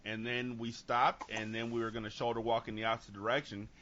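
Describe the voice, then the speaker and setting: A man from Sacramento hosting a podcast, telling stories with lively acted-out quotes and casual swearing, on dull lo-fi audio. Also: medium pitch, fairly quick, slight background noise. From Sacramento, California. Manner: animated storytelling, acts out quotes, swears freely. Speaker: podcast host. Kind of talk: casual chat.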